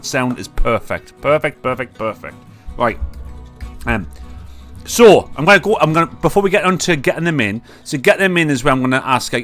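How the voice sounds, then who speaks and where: A man's voice: medium pitch, big pitch swings, moderate pace, a bit bright, faint music behind. A man with a Northern English accent, hosting a casual live chat with friends and chatting loosely with plenty of swearing. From Northern England. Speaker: podcast host.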